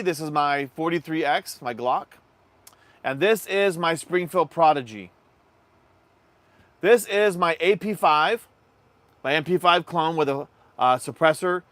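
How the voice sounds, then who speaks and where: A man with a fairly high-pitched voice hosts a livestream, chatting casually and reading out viewer comments. He's relaxed and talkative, calling his audience "y'all," and the recording is dry.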